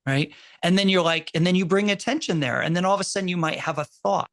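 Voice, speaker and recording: A man, a university professor, speaking in casual conversation as an animated storyteller, full of quick asides and restarts. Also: sits high, no echo. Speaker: university professor and podcast co-host.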